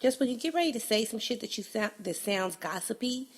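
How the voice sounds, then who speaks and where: Woman podcast host, husky and congested, profane and animated. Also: a little high, brisk. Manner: blunt, profane, laughing, animated. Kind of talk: casual solo podcast monologue.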